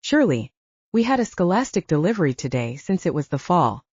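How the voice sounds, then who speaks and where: A woman with a low, warm and mellow voice reads first-person audiobook narration, with lively shifts in pitch. The recording is dry and slightly dull. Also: fairly quick, breathy edge, no echo.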